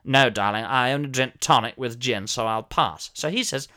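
A man's voice: medium pitch, moderate pace, sharp tone, natural voice. A man playing a pompous, posh older former soap actor who tells a comic monologue in a plummy, theatrical voice with sudden shrieks.

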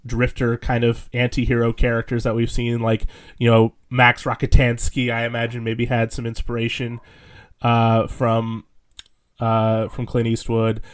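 A man's voice: medium pitch, monotone, a little slow, clean tone. Rambling man chatting about films. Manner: rambling, with many fillers and restarts, laughs often. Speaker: podcast co-host. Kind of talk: casual film discussion.

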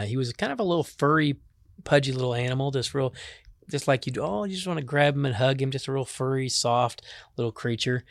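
Folksy male storyteller, mid-pitched voice, dry close sound. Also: no echo. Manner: casual, folksy, voices animals briefly. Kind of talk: oral storytelling with native words.

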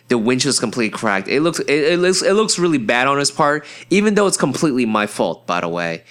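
In a smooth voice, a young man hosting a podcast delivers a casual storytelling monologue. It's excitable and profane, meandering with fillers and restarts, and he breaks into high yelps whenever he plays his friends.

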